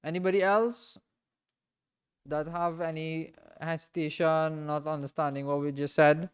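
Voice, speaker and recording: A man teaching a reading class in a mosque, patiently repeating and drilling each sound slowly for his students. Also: a little high, fairly even intonation, clear, resonant tone. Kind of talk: classroom lesson.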